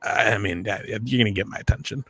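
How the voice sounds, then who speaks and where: A man's voice: on the low side, a little fast, fairly bright tone, husky, no echo. A man co-hosting a podcast, chatting casually and loosely, swearing now and then. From half Mexican. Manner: laid-back, swears casually, laughs often. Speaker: podcast co-host. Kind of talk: casual chat.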